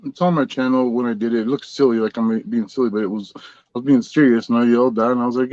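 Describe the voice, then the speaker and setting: A middle-aged man telling a long story in a relaxed, rambling way, as a guest on a podcast. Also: mid-range voice, fast, dry recording, highs cut off. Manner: rambling, laid-back storyteller. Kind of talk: casual storytelling.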